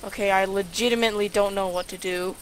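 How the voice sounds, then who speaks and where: A woman's voice: mid-range voice, fairly even intonation, fast talker, a little hiss or hum, rough recording. Sarcastic woman grumbling through a game. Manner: sarcastic, grumbling, talks to herself. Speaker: gaming YouTuber. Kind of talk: casual let's-play commentary.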